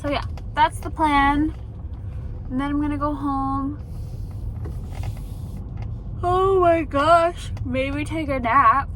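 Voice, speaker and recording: Young woman, from Canada, sleepy vlogger, chatty with lots of "like", slow unhurried talk, noisy car background. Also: high voice, level tone, pushed and bright. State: sleepy, yawning. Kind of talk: casual vlog chat.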